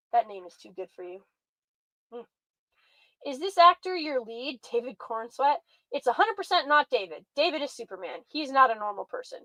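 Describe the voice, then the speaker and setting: A woman's voice: sits high, animated, normal speed, fairly bright tone, no room sound, poor audio. A woman hosting a commentary show, reacting with sarcastic, exasperated rants. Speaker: commentary host.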